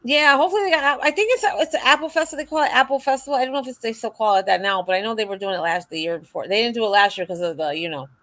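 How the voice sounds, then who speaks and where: An animated woman tells a story quickly, acting out every line of quoted dialogue. Her voice is bright and sits a little high, and she talks like a host in a casual stream. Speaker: livestream host. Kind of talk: casual chat.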